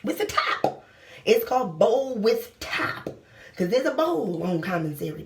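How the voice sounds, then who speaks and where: A young woman vlogging from a small bathroom, telling a story in a brash, profane, animated way and often dropping to a whisper. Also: mid-range voice, measured pace, slight background noise.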